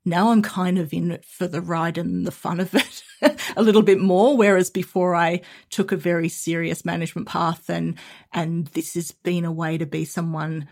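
A woman's voice: on the low side, fairly even intonation, normal speed, darkish tone. A middle-aged Australian woman with an Australian accent, a podcast guest chatting casually, laughing often and restarting her sentences. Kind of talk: casual interview chat.

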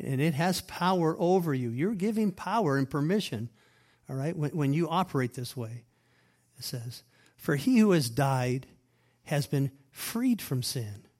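His voice sitting on the high side, a man preaches a sermon as pastor. He reads scripture out loud and explains it with emphatic repetition, booming stresses and murmured asides.

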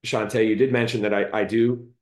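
A man's voice: lowish voice, little pitch movement, a little fast, darkish tone. A man hosting a podcast interview, chatty and friendly, with lots of fillers. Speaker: podcast host. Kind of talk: casual interview chat. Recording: echoey room.

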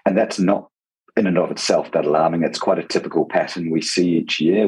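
A man with a croaky, hoarse voice answering interview questions hesitantly, repeating words as he goes. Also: extremely low pitch, darkish tone, rough recording. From New Zealand. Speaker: veterinary council lawyer guest.

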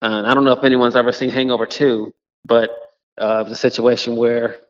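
A man who is a professional golfer, telling a story haltingly with many pauses. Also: mid-range voice, little pitch movement, long reverb tail, muffled recording. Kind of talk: casual recorded storytelling.

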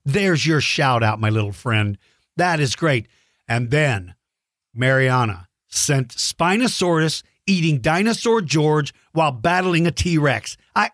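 A man hosting a children's podcast, reading listener shout-outs in an enthusiastic, exclamatory way. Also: a little high, no echo, clean studio sound. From Texas. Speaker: podcast host.

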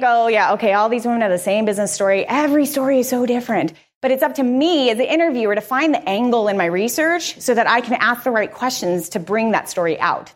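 Upbeat woman presenter, slightly high pitch, candid conversational delivery. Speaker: podcaster giving a conference presentation. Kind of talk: live conference talk.

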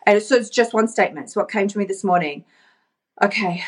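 A woman life coach giving a casual, animated motivational talk into her phone, chatting and laughing often. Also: medium pitch, brisk, breathy edge. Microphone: talking into her phone.

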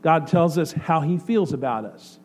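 A male pastor preaching a sermon, swinging between excited outbursts and soft, hushed passages. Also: fairly high pitch, unhurried. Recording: faint mains hum. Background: faint electrical hum.

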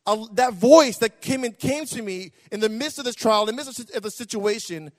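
A man with a high voice preaches his testimony with fervent, repetitive intensity. He sinks to near-whispers, then climbs to shouts. His words ring out with the long echo of a large hall. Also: normal speed. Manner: impassioned, repetitive, swings from hushed to shouting. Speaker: pastor. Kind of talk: sermon testimony.

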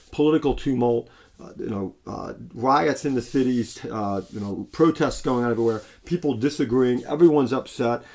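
Man, preacher, casual sermon delivery, mid-pitched voice. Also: a little mellow. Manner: conversational, many restarts and fillers.

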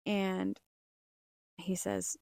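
A woman's voice: mid-range voice, completely flat delivery, very slow, vocal fry, darkish tone, dry recording. A young adult woman telling her personal faith testimony on a podcast, earnest and full of ums and uhs. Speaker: podcast host.

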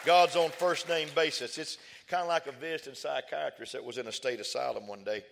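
A man's voice: mid-range voice, brisk, gravelly, a bit bright, in a large hall. A man preaching a sermon and telling a funny personal story, repeating phrases for emphasis. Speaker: pastor.

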